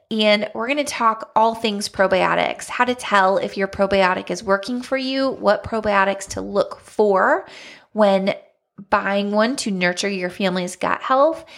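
A woman in her thirties hosts her own podcast in a relaxed, chatty way, laughing often as she talks. Her voice has a gravelly, creaky texture and sits at a medium pitch. She is still recovering from an illness that has left her a little slower than usual. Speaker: podcast host. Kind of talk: casual chat.

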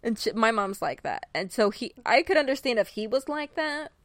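Woman doing a rambling co-host, close dry mic, mid pitch. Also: very animated, normal speed, no room sound. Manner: rambling, lots of "like", acts out quotes. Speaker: podcast co-host. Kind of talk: casual chat reviewing a book.

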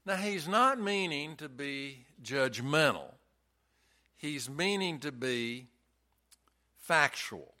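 Slow bright-voiced folksy preacher man. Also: on the high side, lively intonation. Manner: folksy storytelling preacher with emphatic repetition. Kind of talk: sermon.

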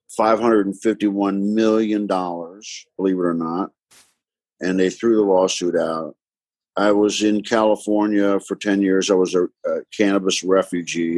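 A man, a doctor from Mississippi, telling his story as a podcast guest in an earnest, halting way with many fillers. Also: sits low, no echo. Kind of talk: conversational interview storytelling.

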